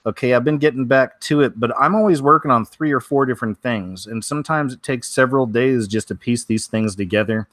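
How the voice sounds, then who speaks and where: A man's voice: medium pitch, brisk, few pauses, fairly bright tone, dry recording, studio quality. A man hosting a casual weekly news show, wry and offhand, with many fillers.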